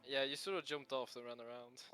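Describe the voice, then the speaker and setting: A man's voice: mid-range voice, fairly even intonation, fairly quick, pushed and bright, soft background music. A man playing a tabletop game who asks questions and reacts with amusement. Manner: quizzical, amused. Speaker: player. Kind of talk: casual chat at a tabletop game.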